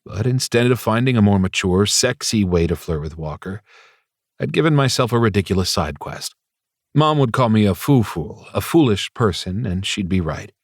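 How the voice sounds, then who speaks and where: Male audiobook narrator, deep and wry, confiding first-person read, dry booth sound. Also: lively intonation, moderate pace, no room sound. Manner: wry, confiding inner monologue.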